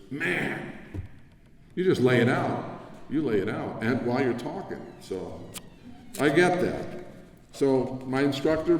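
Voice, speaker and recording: A man's voice: mid-range voice, darkish tone. An older man from New Jersey giving an award acceptance speech at a convention, reminiscing in a conversational way with asides. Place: large convention hall. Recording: echoey hall from far off.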